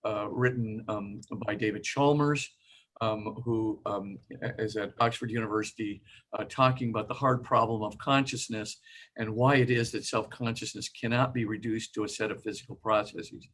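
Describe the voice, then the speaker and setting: An older man giving an informal lecture, halting with many fillers and sometimes acting out quoted voices. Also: fairly low pitch, steady tone, fairly bright tone.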